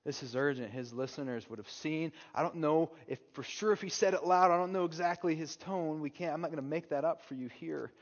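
A man preaching a sermon as pastor, moving from hushed, slow passages to loud, urgent calls. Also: on the high side. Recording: dull long-reverb hall sound.

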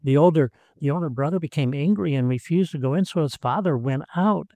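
A man, a pastor, preaching a sermon in an earnest way, often repeating his words and swinging between emphatic lines and quiet ones. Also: on the high side, brisk, dry recording.

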